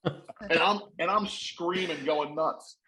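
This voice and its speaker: Guy telling a wild story, kinda high voice, gets really animated. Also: slow, over a noisy crowd, low-quality recording. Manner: animated, acts out voices in stories. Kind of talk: casual storytelling.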